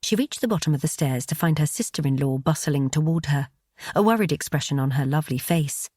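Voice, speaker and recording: A woman narrating an audiobook in a measured, even storytelling delivery, recorded close on a studio mic. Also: low-pitched, no echo.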